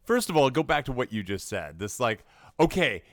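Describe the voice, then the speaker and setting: A man co-hosting a podcast in casual chat, sarcastic and quick to swear. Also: medium pitch, big pitch swings, no room sound, clean studio sound. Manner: exasperated, sarcastic, swears freely. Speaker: podcast co-host.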